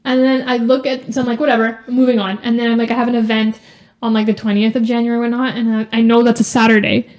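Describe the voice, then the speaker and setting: Young woman telling animated stories. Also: fairly high pitch, fast, lo-fi sound. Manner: animated storytelling with lots of "like". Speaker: podcast co-host. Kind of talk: casual sibling podcast chat.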